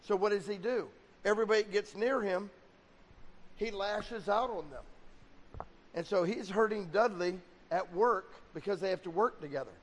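A man delivering a sermon as pastor, his voice sitting high for a man. He slips into quoted voices as he preaches, and a long reverb rings behind him in a big hall. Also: normal speed. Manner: preaching with acted-out quotes of God and people.

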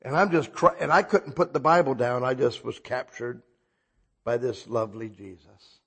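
A man preaching a sermon, talking conversationally and checking in with listeners, swinging between soft confessional passages and loud, emphatic bursts. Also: mid-range voice, normal speed, breathy edge.

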